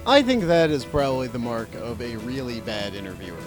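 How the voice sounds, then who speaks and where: Lively, dry-humored podcast man over music. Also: mid-range voice, fairly quick. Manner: dry, wordy, playful. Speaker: podcast co-host. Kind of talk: casual chat.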